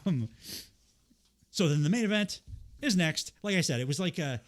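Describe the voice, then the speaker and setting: A man's voice: on the high side, expressive, normal speed. A man with a cold hosting a podcast, recapping wrestling in a rambling, profane, casual way with many fillers. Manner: rambling, profane, lots of fillers and quoted impressions. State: has a cold. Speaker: podcast host.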